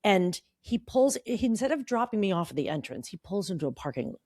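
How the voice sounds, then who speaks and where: A middle-aged woman co-hosting a podcast, reading an old teenage journal aloud and acting out the quotes in a bright voice. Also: medium pitch, big pitch swings, a little fast, dry recording, studio quality. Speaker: podcast co-host.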